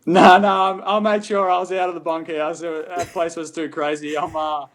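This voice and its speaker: A young Australian man chatting casually as a podcast guest, easygoing and quick to laugh. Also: fairly high pitch, flat delivery, fairly bright tone. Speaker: guest racer.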